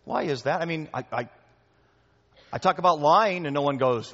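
A man's voice: fairly high pitch, a little fast, a bit bright. A man preaching a sermon to his congregation, conversational and talking straight to the room, often repeating words as he goes. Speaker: pastor. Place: church hall before a congregation. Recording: echoey hall, dull lo-fi sound.

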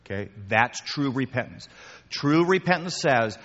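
A male pastor delivers a relaxed, conversational sermon, repeating his key phrases and calling the group guys. His voice sits at a middle pitch. The recording is muffled and carries a long hall reverb. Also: normal speed. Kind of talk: sermon with audience questions.

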